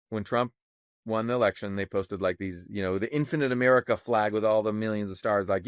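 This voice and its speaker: Sarcastic, fast-talking man with a low voice. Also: dry recording, clean studio sound. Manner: animated, sarcastic, swears freely, mocking quotes. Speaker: podcast co-host, economist. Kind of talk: casual opinionated chat.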